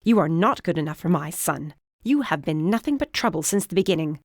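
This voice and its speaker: A woman's voice: deep voice, lively intonation, a little fast, dry recording, studio quality. A woman voicing a stern, disapproving middle-aged witch mother with a clipped, imperious manner in an audiobook. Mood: threatening.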